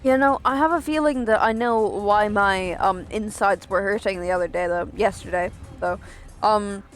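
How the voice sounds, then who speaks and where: Woman streamer, casual rambling chat, swears freely, mid pitch, faint game music behind. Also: normal speed. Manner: rambling, swearing, self-mocking asides.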